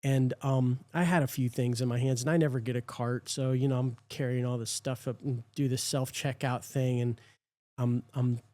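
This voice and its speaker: A man's voice: medium pitch, fairly even intonation, normal speed, mellow, no room sound. A man hosting a podcast in casual chat, telling a rambling, self-deprecating story. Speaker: podcast host.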